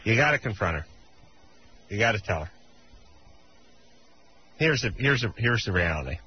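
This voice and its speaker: A man's voice: fairly low pitch, very animated, moderate pace, slight background noise. A man hosting a late-night radio call-in advice show, talking bluntly with crude, wisecracking humor. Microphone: studio broadcast mic. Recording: dull broadcast radio sound.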